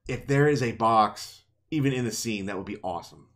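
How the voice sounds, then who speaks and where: A man's voice: mid-range voice, fairly quick, fairly bright tone. A man co-hosting a podcast, casually retelling a fantasy novel chapter with playful quoted voices and laughter. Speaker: podcast co-host. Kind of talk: casual book discussion podcast.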